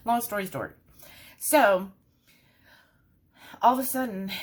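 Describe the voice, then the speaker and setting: Lady rambling on to her viewers, kinda low voice, lots of y'all. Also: a little hiss or hum. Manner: chatty, rambling, says "y'all" often. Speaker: vlogger. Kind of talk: casual chat.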